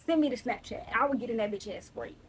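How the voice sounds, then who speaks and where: Sassy high-voiced woman podcaster. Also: fast, slight background noise, low-quality recording. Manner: blunt, sassy and playfully indignant. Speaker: podcast host. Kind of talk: casual solo podcast monologue.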